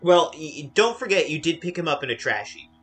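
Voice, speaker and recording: A man running a tabletop role-playing game, relaxed and conversational. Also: on the high side, quick pace, faint music behind. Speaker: game master.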